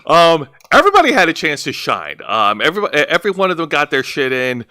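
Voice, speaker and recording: A man co-hosting a casual wrestling review show, animated and swearing often, stumbling over names as he recaps a match. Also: a little high, brisk. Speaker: podcast co-host reviewing wrestling. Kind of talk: casual profane review chat.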